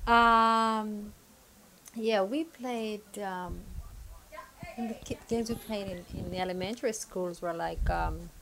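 A Jamaican woman being interviewed, talking with lots of fillers and pauses, breaking into lively, sing-song bits as she acts out a game. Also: mid-range voice, creaky, slight background noise. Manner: hesitant, many fillers, animated when acting out the game. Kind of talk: oral history interview.

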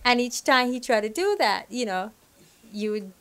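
A Jamaican woman with a somewhat high voice recalls the games of her childhood in an interview. She pauses often, fills gaps with "um," and then bursts into livelier, higher calls as she acts parts of a game out. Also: smooth. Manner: hesitant, many fillers, animated when acting out the game. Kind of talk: oral history interview.

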